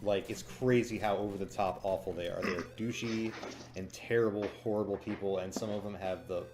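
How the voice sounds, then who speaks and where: A man casually reviewing a show, chatty and cynical, with frequent fillers, breaking into quick impressions of lines he quotes. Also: lowish voice, fairly even intonation, noisy background.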